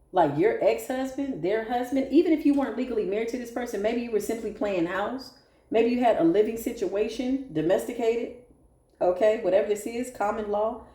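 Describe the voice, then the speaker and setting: A woman giving a casual tarot reading to viewers, animated, blunt and sassy, swearing freely. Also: a little high. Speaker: tarot reader. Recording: echoey room.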